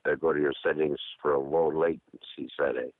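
A man from Michigan with a very deep voice talks in a rambling way, filling pauses with fillers. He comes through a narrow, phone-like call line that sounds dry. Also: fairly even intonation, no echo. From Michigan, USA. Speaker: caller to a poetry show. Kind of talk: casual chat over a video call.

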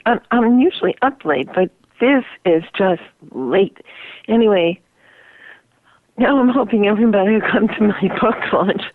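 Caller, female, slow gravelly voice, tinny phone line. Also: fairly low pitch, no room sound. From Connecticut. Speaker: caller and author. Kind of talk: casual phone chat.

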